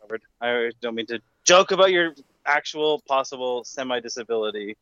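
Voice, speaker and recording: A man's voice: mid-range voice, animated, a little fast, a bit bright, slight background noise. Dry-quipping man, muffled audio. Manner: dry teasing quips. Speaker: podcast co-host. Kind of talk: casual banter.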